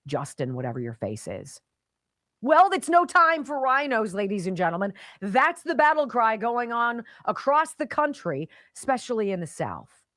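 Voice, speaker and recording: A middle-aged woman hosts a talk radio show, her pitch leaping around as she talks. She delivers a sarcastic, scornful monologue in short punchy bursts. The sound is close and dry, with no room around it. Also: a bit bright, no echo.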